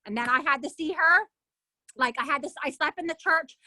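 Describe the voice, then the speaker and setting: A middle-aged woman telling her own story as an interview guest, animated and indignant, acting out what others said. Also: sits high, brisk, no room sound. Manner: animated, acts out other people's lines. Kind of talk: emotional personal storytelling.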